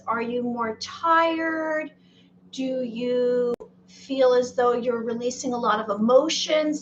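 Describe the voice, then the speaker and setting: A woman with a high voice drifts slowly through a casual spiritual vlog. She wanders off track, corrects herself, and keeps turning to her viewers with questions. The sound is dull and lo-fi. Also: sharp tone, a little hiss or hum. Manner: meandering, self-correcting, asks viewers questions. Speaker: spiritual vlogger.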